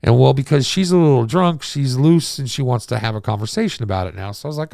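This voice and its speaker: Forties guy, gravelly, dry close sound; rambling and profane storyteller. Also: medium pitch, fast, a little mellow, dry recording. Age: 40s. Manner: rambling, profane, self-deprecating. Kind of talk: casual storytelling monologue.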